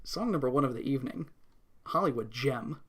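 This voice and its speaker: A woman's voice: low-pitched, lively intonation, fairly quick. A young woman co-hosting a podcast, recapping a cartoon episode in casual chat, laughing often and swearing freely. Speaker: podcast co-host.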